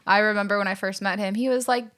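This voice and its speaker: A woman's voice: medium pitch, fairly even intonation, fast, fairly bright tone. A young woman as guest co-host of a podcast, laid-back and casual, swearing freely and filling with "like". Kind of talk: casual chat.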